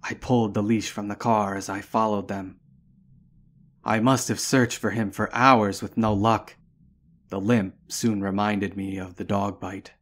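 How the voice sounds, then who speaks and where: A man narrating a first-person horror story in a slow, measured, somber way. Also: lowish voice, a little hiss or hum. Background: faint background music.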